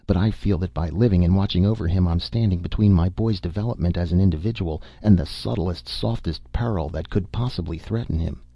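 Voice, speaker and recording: A man's voice: low voice, brisk, few pauses, dark tone, no room sound, clean studio sound. A man reading the part of a gloomy, brooding middle-aged father who speaks impatiently and bitterly.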